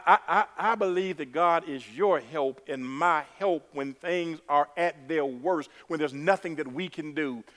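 A man's voice: a little high, long reverb tail. A man preaching a sermon, repeating words for emphasis and calling the congregation "y'all".

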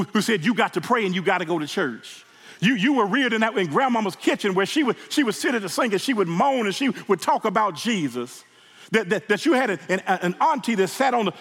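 Man, high voice, sermon, stuttering repeats, emotional, church hall reverb. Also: fairly bright tone. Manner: emotional, repeating words as he builds. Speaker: pastor. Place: church sanctuary.

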